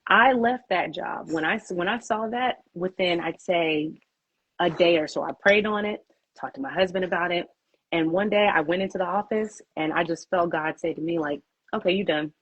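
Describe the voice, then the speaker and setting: Husky-voiced woman telling her career story. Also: fairly low pitch, moderate pace, a bit bright, dry recording, muffled recording. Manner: candid storytelling, acts out her own inner thoughts. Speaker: PR agency founder. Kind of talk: interview answer.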